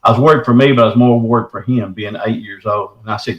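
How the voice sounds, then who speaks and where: A man's voice: medium pitch, steady tone, fast talker, few pauses, fairly bright tone, roomy sound, rough recording. A middle-aged man from the States. He earnestly recounts a personal encounter as a caller, in a folksy way. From Texarkana area, southern United States. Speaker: caller telling his encounter.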